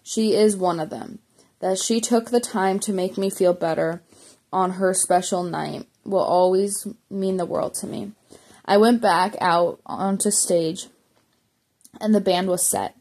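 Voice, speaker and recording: A woman's voice: medium pitch, fairly even intonation, unhurried, a little mellow. A woman reading a memoir aloud as an audiobook, plainly, with small slips and self-corrections. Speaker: audiobook reader.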